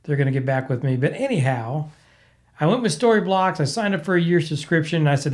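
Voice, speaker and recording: A man's voice: fairly high pitch, lively intonation, fast. Congested man venting on his podcast. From American Midwest. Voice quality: cracked, clogged voice. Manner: rambling, exasperated venting. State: congested, recovering from illness. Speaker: podcast host. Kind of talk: casual solo podcast chat.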